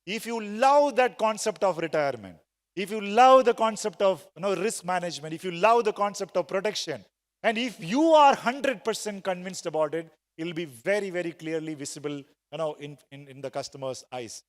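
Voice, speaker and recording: A man's voice: high-pitched, lively intonation, moderate pace. A man giving a motivational sales talk to a live audience in a large conference hall, telling a story and getting the crowd to answer aloud. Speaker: sales trainer speaking at a conference. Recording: long reverb of a big hall.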